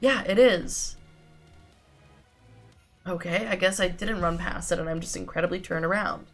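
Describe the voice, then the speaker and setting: A woman streaming a video game, giving wry, sarcastic commentary with casual swearing and a low-energy delivery. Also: moderate pace, faint music behind.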